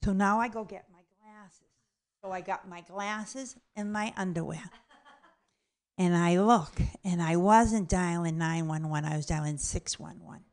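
A woman's voice: fairly low pitch, unhurried. Blunt, profane woman telling a comic story. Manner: blunt and profane, acts out the voices in her story. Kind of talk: comedic personal story told aloud.

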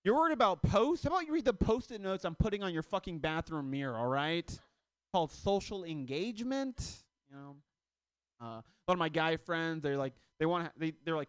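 A man in his thirties performing stand-up into a handheld mic at a comedy club. His voice sits high and swings widely, shooting up on the punchlines. The sound is clean and dry, with no room echo. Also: lively intonation, a little fast, smooth. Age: 30s. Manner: loose conversational delivery with shouted punchlines. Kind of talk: stand-up set.

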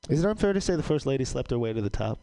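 A man doing a stand-up comedy set, delivering deadpan one-liners with sudden jumps into a loud, high voice. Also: rapid-fire, no echo. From Caribbean islands heritage.

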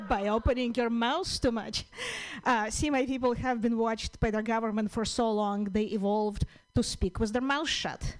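Woman, Russian-Ukrainian accent, native Russian speaker, stand-up comic, deadpan, fairly high voice, halting with ums. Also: poor audio. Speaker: stand-up comedian. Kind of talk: stand-up set at an open mic.

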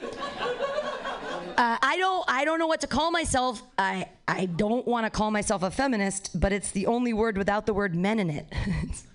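A woman's voice: a little high, big pitch swings, moderate pace. A woman doing a rambling, profane stand-up comedy set, laughing at her own jokes in front of a live audience. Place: small live venue with an audience.

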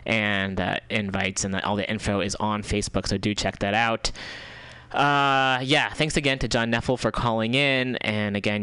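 A man's voice: fairly low pitch, fairly bright tone, clean tone, no room sound. A male community radio host casually wrapping up his show in a studio and reading news articles aloud. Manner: casual, chatty, reads articles aloud with fillers. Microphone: studio microphone.

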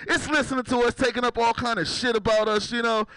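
A man's voice: very high-pitched, steady tone, fast talker, pushed and bright, clear, resonant tone, low-quality recording. A man from San Francisco doing a stand-up comedy set, talking loosely and profanely and teasing the crowd. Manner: loose, profane, chatty, teases the audience. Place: comedy club.

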